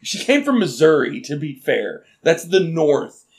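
A man's voice: on the high side, unhurried. A man from Arkansas with a light Southern accent, chatting casually and laughing often as he swears and tells stories. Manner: laughing, swearing, animated storytelling. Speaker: podcast co-host. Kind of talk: casual chat.

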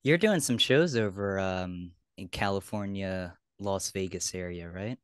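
A man from Pennsylvania hosts a casual podcast interview, friendly and quick to laugh. His voice sits fairly low, and the sound is dry and close. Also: clean tone, no room sound. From Pennsylvania, USA. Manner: friendly, laughs often, hesitant fillers. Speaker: podcast host.

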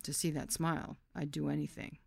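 A woman voicing a calm, insistent male boyfriend, speaking slowly and softly. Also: deep voice, creaky, husky, dry recording, clean studio sound, full character voice. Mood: coaxing.

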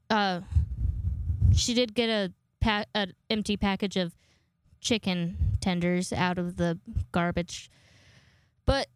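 A woman in her twenties hosts a casual podcast monologue, rambling and swearing freely. Her voice is smooth and clear. It sits close and dry on the microphone. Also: mid-range voice, dry recording. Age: 20s. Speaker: podcast host.

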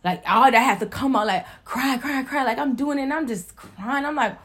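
A woman's voice: high-pitched, normal speed. Young woman in casual chat, emotional and swears a lot, says like constantly. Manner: emotional, animated, swearing, lots of "like" fillers.

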